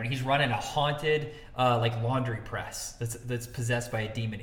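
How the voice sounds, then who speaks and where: Indiana man, podcast co-host, bright tone, echoey room. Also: medium pitch, moderate pace, hardly any pauses. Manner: animated, swearing, laughs often. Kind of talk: casual movie podcast chat. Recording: echoey room with long reverb.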